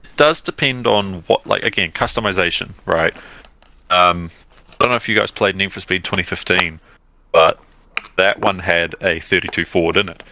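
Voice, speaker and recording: Male co-host, deep gravelly voice, rambling casual chat. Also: normal speed, sharp tone, slight background noise, rough recording. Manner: rambling, lots of fillers and restarts. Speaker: podcast co-host.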